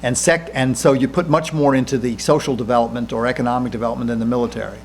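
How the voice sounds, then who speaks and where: A man in his fifties, a senator and guest speaker, answering audience questions in a lecture room, earnest and halting with frequent restarts. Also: mid-range voice, fairly even intonation, slight background noise.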